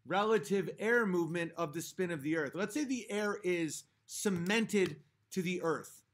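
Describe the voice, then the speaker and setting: Hosting a livestream, a man with a high-pitched voice reads his chat and argues back in a cursing, fed-up rant. He's a bit tipsy from a few drinks, and there's slight background noise.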